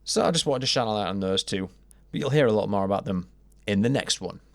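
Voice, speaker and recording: A man narrates a documentary in a loose, conversational way, stumbling now and then over fillers. His voice sits very low. The recording is dry, with no room sound. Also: expressive, a little fast, vocal fry, no room sound. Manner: informal, slightly rambling, with fillers.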